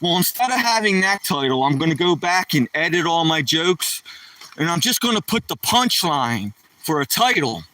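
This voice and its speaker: A man's voice: a little high, big pitch swings, normal speed, sharp tone, no echo. A middle-aged man rambling and joking casually on a live stream, somewhat far from the mic.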